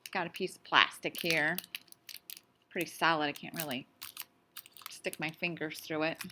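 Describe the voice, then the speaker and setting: A woman teaches a casual science lesson on video, playful and chatty, asking lots of questions and at times talking with her mouth full while eating. Her voice is low-pitched and sharp, with a steady tone and moderate pace, against slight background noise.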